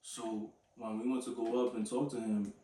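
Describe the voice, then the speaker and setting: Flat-voiced man in an echoey room. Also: medium pitch, normal speed. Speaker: companion and witness. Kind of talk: casual chat. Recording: echoey room, distant mic, faint noise.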